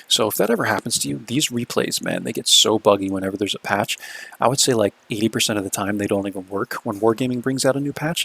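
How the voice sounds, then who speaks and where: Low gravelly-voiced man talking casually. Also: fairly bright tone. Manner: laid-back, chatty, says "right?" and "man" often. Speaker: gaming video host. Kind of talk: casual replay commentary.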